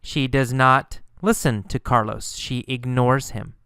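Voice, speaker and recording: A man teaching a lesson, speaking slowly and emphatically, repeating key words and questions for learners. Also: mid-range voice, steady tone, fairly bright tone, clean tone, no room sound, studio quality. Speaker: English teacher. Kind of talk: slow English lesson narration.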